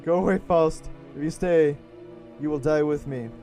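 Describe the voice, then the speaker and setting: A man's voice: a little high, steady tone, brisk, warm tone, soft background music, close to an everyday voice. A man reading as a despairing young man.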